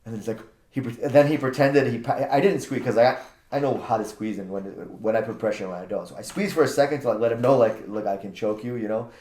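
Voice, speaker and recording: A man casually telling a personal story, animated and acting out what people said, often repeating words. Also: mid-range voice, fast, roomy sound. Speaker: guest, jiu-jitsu practitioner.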